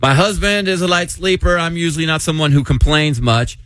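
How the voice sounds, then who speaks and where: A man's voice: on the high side, fairly even intonation, fairly quick, a bit bright, no echo, poor audio. A man hosting a radio morning show, reading a listener letter in an easygoing, chatty way. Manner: laughing, self-conscious, easygoing. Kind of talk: casual on-air chat and letter reading. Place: radio studio. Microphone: studio microphone.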